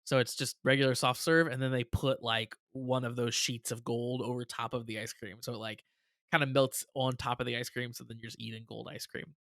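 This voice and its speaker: A man's voice: mid-range voice, fairly quick, creaky, no room sound. A man with a mid-range voice chats casually as a reaction show co-host, laughing easily and retelling scenes with energy. The recording is dry and close, with no room sound. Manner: chatty, laughs often, animated retelling. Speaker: podcast co-host.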